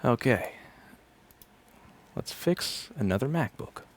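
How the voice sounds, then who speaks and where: A man's voice: mid-range voice, lively intonation, takes it slowly, heavy background noise. A man in his thirties, a repair technician, chats casually and sardonically on a livestream, rambling and swearing freely. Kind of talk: casual livestream chat while working. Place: repair shop.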